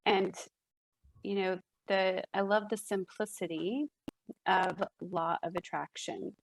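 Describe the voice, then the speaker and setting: A woman's voice: mid-range voice, fairly even intonation, takes it slowly, vocal fry, rough recording. A woman speaking as a guest in a casual podcast conversation, reflective, with frequent fillers and restarts.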